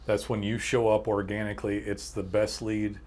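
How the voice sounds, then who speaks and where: Brief: podcast host, man, lowish voice, blunt and emphatic. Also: monotone, moderate pace, darkish tone. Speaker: podcast host and agency owner. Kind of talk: casual business chat.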